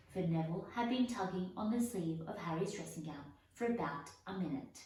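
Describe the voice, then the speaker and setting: A woman reading a children's storybook aloud in a measured, unhurried way. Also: on the low side, lively intonation, dark tone. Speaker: audiobook reader. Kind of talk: storybook narration. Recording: echoey room, voice from far off.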